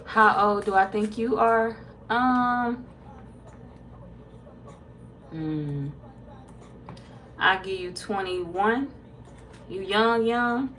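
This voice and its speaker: A woman tarot reader casually chatting with viewers on a livestream, reading their comments aloud, laid-back and quick to laugh. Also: medium pitch, a bit bright, a little hiss or hum.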